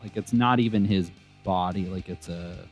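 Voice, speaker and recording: A man playing a tabletop game who asks quick questions and jokes around. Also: sits low, lo-fi sound, faint music behind. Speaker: player. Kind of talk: casual tabletop game play.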